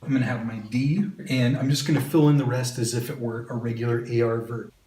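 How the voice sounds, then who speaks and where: A man's voice: mid-range voice, steady tone, fairly quick, mellow. A man teaching a video lesson, with an upbeat manner and joking asides to the viewer. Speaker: Spanish teacher. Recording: roomy echo.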